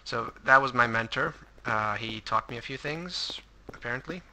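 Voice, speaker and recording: Bright-voiced man, wry game commentary. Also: medium pitch, moderate pace, a little hiss or hum. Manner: reads in-game text aloud with wry asides. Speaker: let's play commentator. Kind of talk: gameplay commentary.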